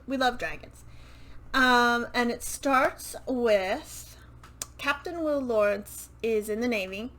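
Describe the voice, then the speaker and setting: Woman booktuber rambling about a series, kinda high voice, takes her time, swears a bit, talking into a mic. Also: fairly bright tone, poor audio. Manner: rambling and unhurried, swears casually, self-correcting asides. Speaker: book vlogger. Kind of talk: casual book chat to camera. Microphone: microphone she turns to face.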